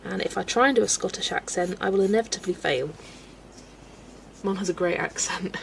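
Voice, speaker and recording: A woman's voice: medium pitch, fairly quick, gravelly, slight background noise, poor audio. A woman in her twenties with a West Country accent, chatting casually while colouring on a live stream, thinking aloud and laughing often. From England.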